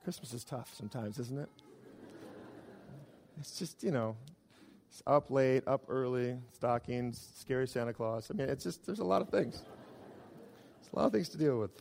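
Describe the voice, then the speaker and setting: A man preaching a sermon as a pastor, swinging from loud emphasis to quiet, low asides. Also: normal speed, gravelly, long pauses, big-room sound, slight background noise.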